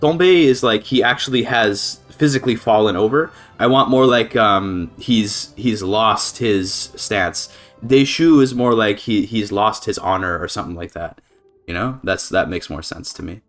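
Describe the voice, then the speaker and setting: Excitable young man rambling over gameplay. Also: fairly low pitch, moderate pace, faint music behind. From Canada. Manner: rambling, excitable, swears and laughs often. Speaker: strategy game streamer. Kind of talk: casual gameplay commentary.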